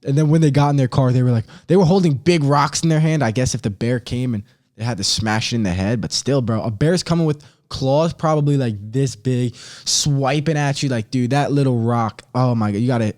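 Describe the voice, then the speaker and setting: A young man hosting a podcast, telling stories in an excitable, slangy, animated way. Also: mid-range voice, a little fast. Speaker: podcast host. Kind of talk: casual solo podcast chat.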